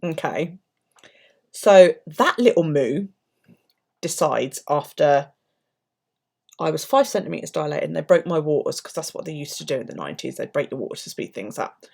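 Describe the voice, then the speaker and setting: A woman's voice: sits low, lively intonation, moderate pace, gravelly, long pauses, a little mellow, slightly rough. A middle-aged woman with an English accent, chatting casually and swearing freely while she works on her bullet journal and tells stories.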